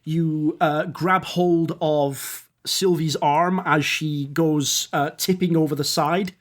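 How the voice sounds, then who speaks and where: A man's voice: a little high, steady tone, takes it slowly. A man narrating as game master, rambling and descriptive with fillers.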